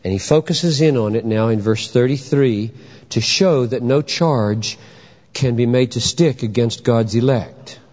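A man preaching a sermon with emphatic delivery, firing off rhetorical questions and sometimes shouting for effect. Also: medium pitch, unhurried. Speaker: pastor. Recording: dull sound with long hall reverb.

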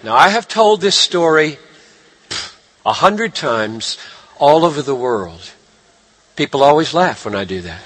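A man preaching a sermon, animated, swinging from hushed lines to shouted ones. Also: on the high side, unhurried. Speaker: pastor.

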